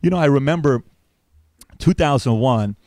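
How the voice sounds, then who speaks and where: A man interviewed as a guest on a radio show, telling his story in a brisk, animated way into a studio microphone. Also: mid-range voice, no echo. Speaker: guest, business founder.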